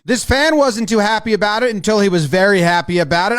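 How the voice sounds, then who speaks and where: A man giving a casual, excitable, profane breakdown of a baseball game, acting out what the players say. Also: high-pitched, a little fast, few pauses. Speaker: sports video commentator.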